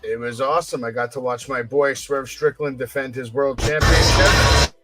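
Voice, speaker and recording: A man co-hosting a casual podcast chat, telling profane stories that often rise to excited shouting. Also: mid-range voice, normal speed, loud music behind the voice. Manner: loud, profane storyteller, gets excited and shouty. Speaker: podcast co-host.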